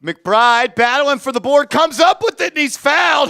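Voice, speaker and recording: A man streaming live fan play-by-play commentary, getting excitable and shouting on big plays while reading the chat aloud. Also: extremely high pitch, moderate pace, gravelly, dry recording, clean studio sound.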